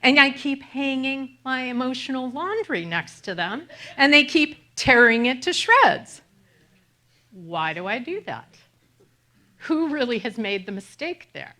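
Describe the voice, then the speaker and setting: A middle-aged woman minister preaches a conversational sermon, sharing self-deprecating stories with animated delivery and laughter. Her voice is high and her pace measured.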